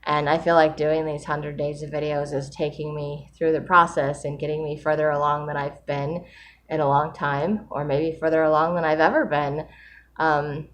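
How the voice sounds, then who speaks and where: A woman talking candidly in a reflective personal vlog, earnest and open, with soft laughs and fillers as she speaks of gratitude and faith. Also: low voice, level tone, moderate pace, a little hiss or hum. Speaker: vlogger sharing a daily writing video.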